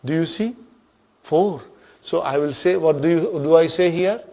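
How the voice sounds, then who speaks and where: A man's voice: fairly high pitch, moderate pace, gravelly, mellow. A man teaching an Arabic grammar class, patiently explaining terms and often checking that his students follow.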